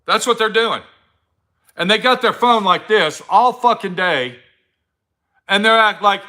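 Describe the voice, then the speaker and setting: A man's voice: high-pitched, measured pace, pauses often, bright, forceful tone. A middle-aged man giving a blunt, profane motivational talk to his viewers, full of swearing and preachy advice. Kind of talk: profane casual motivational rant.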